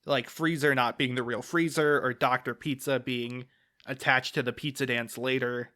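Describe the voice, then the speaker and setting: A man's voice: medium pitch, fairly even intonation, moderate pace, pushed and bright. A man co-hosting a podcast, chatting casually and enthusiastically, hedging often. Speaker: podcast co-host. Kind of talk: casual chat.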